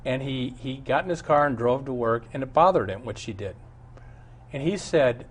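A man's voice: mid-range voice, normal speed, husky. A male pastor preaching a sermon and then answering Bible questions in an earnest, storytelling way. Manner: earnest, storytelling, chuckles often.

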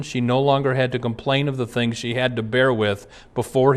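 A man's voice: medium pitch, level tone, normal speed, clear, resonant tone. A man, a pastor, giving an earnest sermon built around personal stories, reading passages aloud and then recounting anecdotes from his ministry. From Twin Cities area.

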